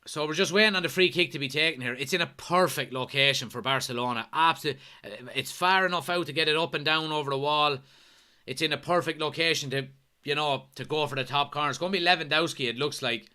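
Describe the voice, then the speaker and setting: An Irish man from Kilkenny hosting a live football watchalong, commenting on the match, yelling and swearing at the referee, and reading out chat messages. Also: on the high side, quick pace, clear, resonant tone. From Ireland, Kilkenny. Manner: excitable, yells at the referee, swears. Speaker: watchalong host.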